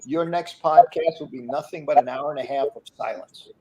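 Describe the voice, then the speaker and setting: Emphatic high-voiced man, crowd noise behind. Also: brisk, low-quality recording. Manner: emphatic, animated, preacherly. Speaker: guest. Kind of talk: casual sports talk.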